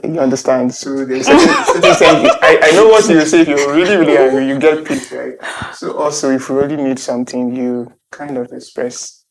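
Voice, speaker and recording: A Nigerian man answers interview questions with a mid-range voice. He is animated and often breaks into laughter while he talks. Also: mid-range voice, fairly quick, poor audio. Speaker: festival guest.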